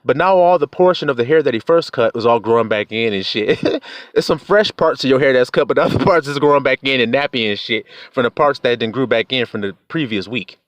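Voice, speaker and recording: A man's voice: medium pitch, a little fast, no echo. A young man, giving life advice in a casual, preachy monologue, laughing often, swearing, and acting out quotes.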